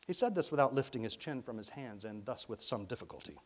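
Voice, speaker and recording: A man's voice: mid-range voice, fast. Man reading a children's novel aloud. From Arkansas, USA. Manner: expressive storytelling, briefly voicing characters. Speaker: author reading his own book.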